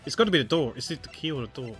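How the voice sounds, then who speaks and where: A man's voice: mid-range voice, lively intonation, very fast, soft background music. A man streaming a detective game, thinking aloud in a rambling, repetitive way. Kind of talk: casual gameplay commentary.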